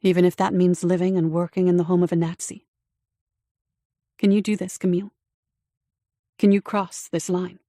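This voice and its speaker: A woman reading the part of a cool, guarded woman in wartime Paris, measured and commanding. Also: lowish voice, little pitch movement, mellow, no echo, clean studio sound, natural voice. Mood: earnest.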